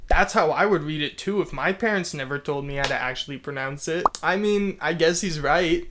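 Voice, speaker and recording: A man giving casual comedic commentary on viewer comments, amused and sarcastic, chuckling often. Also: a little high. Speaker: YouTube commentator.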